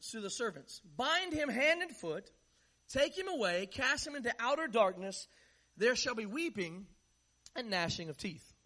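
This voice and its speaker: A man preaching with an unusually high voice for a man. He talks to his listeners in a loose, conversational way and slips joking stories into his sermon. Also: a bit bright.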